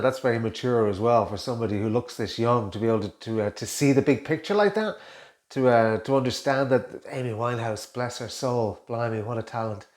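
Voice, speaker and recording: Man musing over video clips. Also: mid-range voice. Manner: musing, hesitant, many restarts. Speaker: communication coach reacting to clips. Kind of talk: casual reaction commentary. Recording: roomy echo.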